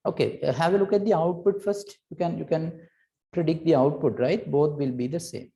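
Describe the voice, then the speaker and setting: A woman's voice: low voice, normal speed, creaky, mellow. A woman teaching a recorded lesson, patiently explaining and checking in with "right?" between points, with hesitant restarts.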